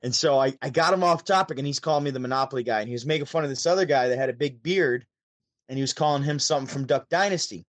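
Speaking quickly at medium pitch with no echo, this Syracuse, New York man guests on a podcast by call. The DJ and show host tells a long, casual story, acting out each voice he quotes.

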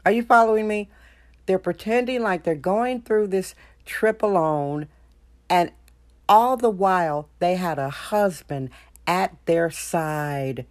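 A woman's voice: lowish voice, takes it slowly. A woman hosting a solo podcast, talking in an opinionated, emphatic way with lots of rhetorical questions. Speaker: podcast host.

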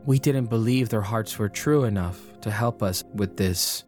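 A man voicing a solemn ancient forest creature that speaks in a measured, formal way. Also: fairly low pitch, a little mellow, faint music behind, natural voice. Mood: grave.

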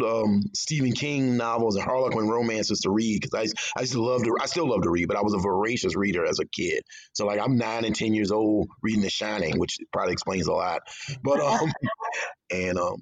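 A man's voice: lowish voice, no echo. A man, an author guest chatting casually and telling stories with laughter, acting out what others said. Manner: animated, laughing, acts out quotes. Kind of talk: casual storytelling chat.

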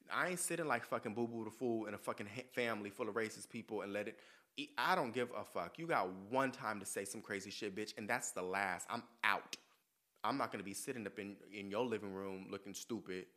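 A man hosting a podcast gives blunt, profane advice in a casual chat, sassy and emphatic, becoming earnest when he talks about himself. His voice is fairly low in pitch and a bit bright.

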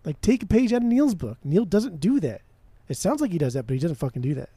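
Podcast guy ranting about albums, mellow warm voice, dry close sound. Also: fairly high pitch, sing-song, quick pace, husky, no echo. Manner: blunt, profane, emphatic. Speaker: podcast co-host. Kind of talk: casual chat.

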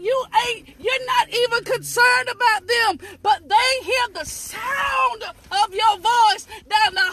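Shouting high-voiced woman preacher. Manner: shouting, with sudden high whoops and repeated phrases; addresses listeners directly and asks them to repeat after her. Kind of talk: fervent sermon.

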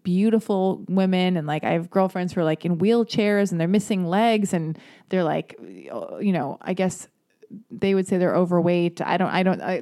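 Mellow-voiced woman, candid and rambling. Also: on the low side. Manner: candid, rambling, swears freely, many filler words; emphatic and animated when worked up. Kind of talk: casual chat.

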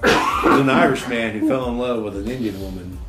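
A man's voice: mid-range voice, a little fast, very noisy. A man chatting casually as a podcast co-host, joking and swearing freely. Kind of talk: casual chat. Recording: echoey room with faint music.

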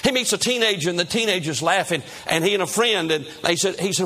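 A man's voice: high voice, quick pace, sharp tone. A man preaching a sermon as a dramatic, repetitive story.

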